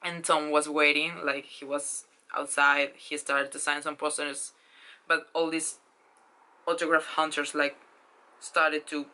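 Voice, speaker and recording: A woman in her twenties telling a story in a casual vlog, excited and gushing, with lots of fillers and swearing. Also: low voice, a little slow, rough recording. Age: 20s. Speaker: vlogger.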